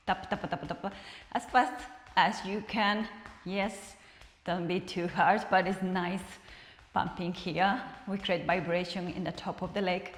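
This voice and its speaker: A woman instructor with a medium-pitched voice calmly cues a guided movement and breathing practice, counting reps and offering soft encouragement. The room is echoey, with long reverb.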